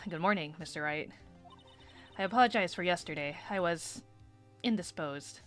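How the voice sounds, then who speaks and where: A woman's voice: on the low side, a bit bright, faint music behind, natural voice. Brief: composed, formal woman in a courtroom game, as a woman reads her. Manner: measured, formal. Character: calm, composed woman, older sister.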